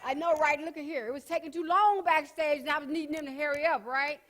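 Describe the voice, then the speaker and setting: A woman speaks on stage in a loose, playful way and talks straight to the audience. Her voice sits high for a woman. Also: steady tone, fast, fairly bright tone, slight background noise. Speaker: motivational speaker. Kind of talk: casual stage talk.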